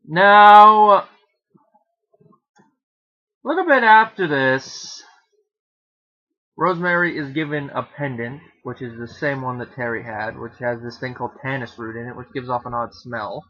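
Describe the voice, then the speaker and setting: A man talks through a film in a loose, chatty review, often stopping to restart his sentences. His voice is bright and forceful at a mid pitch. The recording sounds dull and lo-fi. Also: unhurried, long pauses. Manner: rambling, self-correcting, casually joking. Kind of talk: casual film review monologue.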